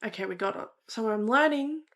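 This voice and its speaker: A woman's voice: fairly high pitch, animated, fairly quick, a bit bright. A young woman from Australia, chatting casually and thinking aloud while she plays a map-guessing game. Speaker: game streamer. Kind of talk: casual gameplay commentary.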